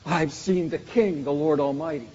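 Emphatic preacher in an echoing hall. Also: male voice, on the high side, moderate pace, mellow. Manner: emphatic, repetitive preaching cadence. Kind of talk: sermon. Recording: muffled recording in a reverberant hall.

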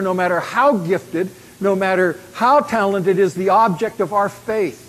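A man preaching a sermon as pastor, measured and stretching key phrases slowly. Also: sits high, husky, rough recording.

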